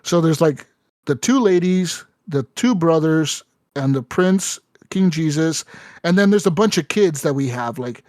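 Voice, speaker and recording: A man's voice: on the high side, expressive, unhurried, a little mellow, dry recording, clean studio sound. A man hosting a podcast in casual chat, telling a story animatedly, swearing often and saying "right?" and "like" a lot. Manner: many fillers like "right?" and "like". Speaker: podcast host.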